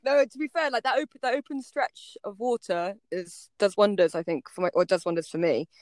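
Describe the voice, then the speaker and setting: A woman's voice: mid-range voice, brisk, a little mellow, no room sound. A woman from southern England hosting a casual interview, bubbly, laughing often and rambling through her questions.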